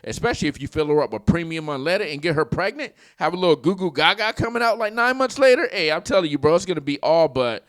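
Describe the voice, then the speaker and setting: A man's voice: a little high, expressive, quick pace, hardly any pauses, a bit bright. Brash joking man reacting to clips. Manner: brash, joking, crude, rambling. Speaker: reaction video host. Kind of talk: casual reaction commentary.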